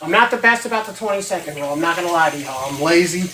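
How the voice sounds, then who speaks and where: A woman's voice: on the low side, expressive, racing, pushed and bright, slight background noise. A woman hosting a casual live cooking demo from her home kitchen, chatty and checking in with her viewers as she goes. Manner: chatty, keeps checking in with 'right?'. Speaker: host of a home cooking show.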